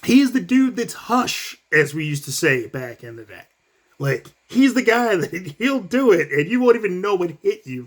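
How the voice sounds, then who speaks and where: A man giving a casual, profane commentary rant as a vlogger, talking in fast bursts. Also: sits high. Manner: profane, animated, fast bursts, acts out quotes.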